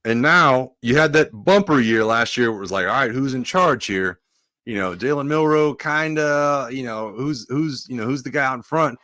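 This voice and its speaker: A man's voice: medium pitch, lively intonation, normal speed, sharp tone, dry recording, clean studio sound. A man co-hosting a casual sports podcast, a former player rambling with plenty of fillers.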